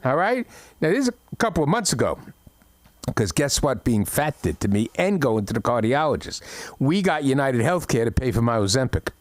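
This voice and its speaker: A man's voice: medium pitch, sing-song, a little fast, dry recording. A middle-aged man doing an open mic stand-up set, telling stories with blunt punchlines. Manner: brash storytelling with blunt punchlines. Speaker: stand-up comic.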